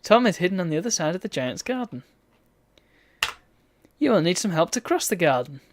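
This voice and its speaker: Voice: mid-range voice, sing-song, brisk, slight background noise. A streamer, chatting wryly and reading game text aloud while playing a retro game. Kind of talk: let's play commentary.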